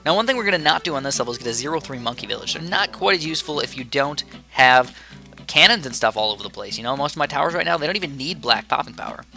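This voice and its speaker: A man's voice: fairly high pitch, expressive, fast talker, gravelly, sharp tone, soft background music. A young man giving casual, chatty commentary over his strategy game, wandering into rambling asides. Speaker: gaming YouTuber.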